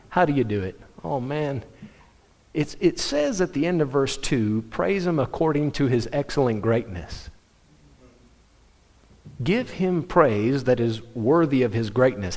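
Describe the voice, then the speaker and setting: Man preaching in a reverberant hall. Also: mid-range voice. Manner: animated storytelling, self-interrupting restarts. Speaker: pastor. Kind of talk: sermon. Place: church sanctuary.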